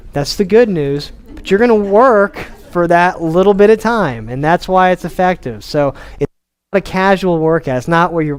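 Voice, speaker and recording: A man with a Texan accent speaks to a room of patients in a lively, off-the-cuff way, his voice sitting a little high. He trips over words, repeats himself and restarts sentences, keeping the talk casual and eager. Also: clear, resonant tone. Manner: energetic, informal, frequent restarts and repeated words. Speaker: chiropractor giving a health talk.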